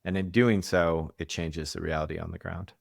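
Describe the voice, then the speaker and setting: Deep gravelly guy coaching on a podcast, acts out other people's lines. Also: steady tone, moderate pace, no echo, clean studio sound. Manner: acts out quoted voices, frequent restarts. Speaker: executive coach. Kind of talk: podcast interview.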